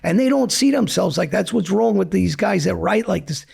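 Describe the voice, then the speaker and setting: A middle-aged man, talking bluntly and combatively as an interview guest, gruff and profane. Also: high-pitched, lively intonation, normal speed, darkish tone. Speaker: interview guest, former mobster.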